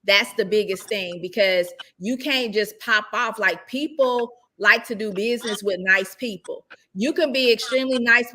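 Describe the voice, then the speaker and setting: A woman's voice: medium pitch, sharp tone. A woman speaking as a real estate investor, giving casual, emphatic advice and often checking in with rhetorical questions.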